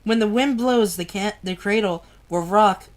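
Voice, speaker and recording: A woman's voice: medium pitch, close to an everyday voice. A woman reading a terrified young man pleading. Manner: desperate, halting pleading.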